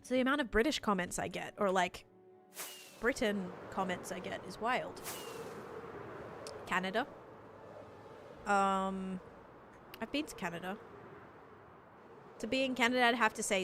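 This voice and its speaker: A woman's voice: mid-range voice, normal speed, pauses often, a bit bright, faint music behind. A woman with an Australian accent chatting casually while gaming live, rambling and filling her talk with "like". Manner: rambling, chatty, heavy use of "like". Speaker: livestreamer.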